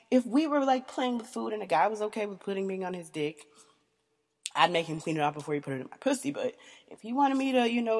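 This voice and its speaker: A woman's voice: medium pitch, big-room sound. A woman hosting a candid talk show, telling a story in a blunt, profane, casual way and leaning on "you know" as a filler. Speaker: podcast host.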